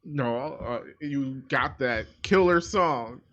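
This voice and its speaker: A man's voice: medium pitch, slow pace, fairly bright tone, muffled recording. A Midwestern man co-hosting a movie podcast, rambling casually, laughing often and acting out what he thought. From American Midwest. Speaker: podcast co-host. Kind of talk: casual chat.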